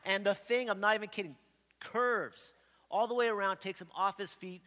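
A middle-aged man preaching, telling a story in an animated way and acting out the voices in it. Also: high voice, normal speed. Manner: animated storyteller, acts out quotes loudly. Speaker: pastor. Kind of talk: storytelling sermon. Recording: long hall reverb.

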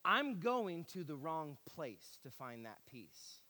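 A man with a fairly high voice preaches to his church, earnest and repeating his points, with wry sarcasm aimed at himself. His voice rings out with a long reverb in a large hall. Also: very animated, slow, pushed and bright. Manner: earnest, repetitive, self-deprecating sarcasm. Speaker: pastor. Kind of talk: sermon.

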